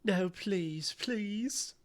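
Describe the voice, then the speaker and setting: A man's voice: sits high, extremely slow, pitched above the performer's own voice. A man playing a frightened, panicked man who pleads desperately not to be sent back. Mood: pleading.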